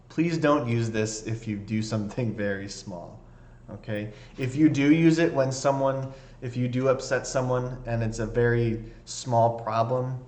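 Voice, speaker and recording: A man's voice: medium pitch, a little mellow. A man teaching an English lesson, explaining patiently and often checking in with the learners by asking "okay?". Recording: echoey room.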